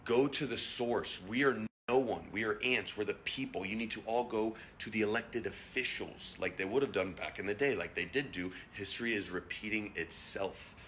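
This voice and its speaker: A young man rants to his followers in a bright, forceful voice that sits a little low. He is blunt and profane and keeps firing rhetorical questions. A faint hum runs underneath. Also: normal speed, few pauses. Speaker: vlogger. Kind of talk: heated rant to camera.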